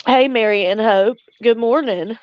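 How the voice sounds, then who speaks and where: An older woman from Louisiana hosting a casual livestream chat, speaking slowly and tenderly with soft chuckles, tearful at times. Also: fairly high pitch, no room sound, muffled recording. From Louisiana, USA. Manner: slow, tender, chuckling between lines. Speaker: livestream host.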